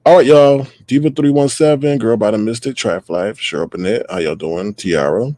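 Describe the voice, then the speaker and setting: A man's voice: lowish voice, normal speed, mellow, no room sound. A man hosting a casual livestream, greeting viewers by name in a loose, playful way. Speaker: livestream host.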